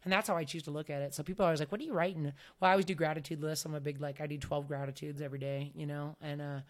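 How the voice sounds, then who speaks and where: A woman's voice: deep voice, little pitch movement, racing. A woman in her forties, a podcast guest, talking in a candid, rambling, self-deprecating way and laughing easily at herself. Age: 40s. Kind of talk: candid conversational chat.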